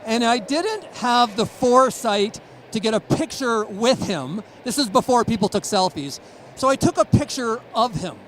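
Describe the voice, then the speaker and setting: High-voiced Canadian man presenting. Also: lively intonation, moderate pace, slight background noise, rough recording. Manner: storytelling, chuckles, acts out quotes. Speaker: conference speaker. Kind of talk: conference presentation.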